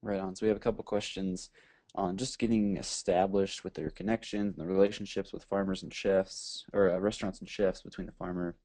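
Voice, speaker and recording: A man with a very deep, dark, mellow voice moderates a webinar. He reads the audience's questions aloud in a relaxed, informal way. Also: fairly quick.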